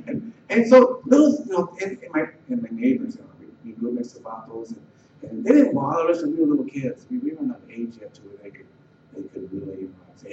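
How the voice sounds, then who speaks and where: A middle-aged man with a high voice tells his own story casually, stumbling and repeating words as he goes. He is picked up from a distance in an echoey room, and the recording sounds dull with a faint hiss underneath. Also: big pitch swings, a little mellow. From Los Angeles area. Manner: halting, repeats words and restarts, voice rising when retelling tense moments. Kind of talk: personal life story, told casually. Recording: roomy, distant, dull and slightly noisy.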